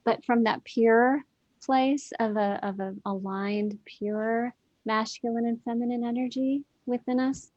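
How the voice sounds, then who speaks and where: A woman's voice: on the high side, steady tone, measured pace, darkish tone, no room sound, muffled recording. A woman, a guest in a heartfelt spiritual conversation over a video call, speaking earnestly and repeating phrases for emphasis.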